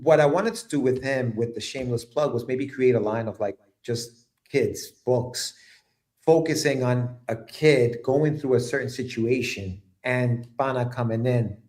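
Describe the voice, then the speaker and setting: A man talking as the guest of an interview show, at an average pitch. He rambles in a relaxed way, filling gaps with ums and likes as he explains. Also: a little slow. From immigrant to the United States at age seven. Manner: relaxed, rambling, with fillers and laughs. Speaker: guest writer and letterer. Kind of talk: casual interview chat.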